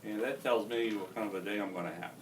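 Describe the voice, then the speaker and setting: A man's voice: on the low side, fast. Plain-spoken man on a distant panel mic. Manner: plain, folksy, many uh fillers. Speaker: panelist, spouse of a brain injury survivor. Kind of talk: panel discussion. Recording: distant mic, faint room noise.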